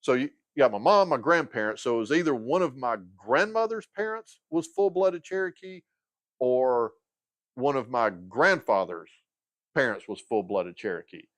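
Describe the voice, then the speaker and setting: A man's voice: mid-range voice, animated, moderate pace, dry recording. A man in his fifties hosting a casual livestream chat, rambling, losing his train of thought and filling gaps with lots of uhs and restarts. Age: 50s. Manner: hesitant, many fillers and restarts. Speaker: livestream host.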